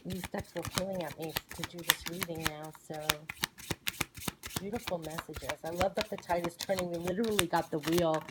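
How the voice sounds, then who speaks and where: Over a noisy background and shuffling cards, a woman with a lowish voice gives a spiritual card reading. As a tarot and oracle reader, she sounds soothing and gushing, with phrases that recur often.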